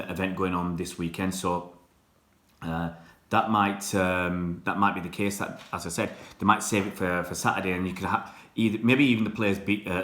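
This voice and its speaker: A man with a low, fairly bright voice hosts a live football stream for his channel. He greets viewers and reads comments, chatting loosely with lots of fillers and restarts.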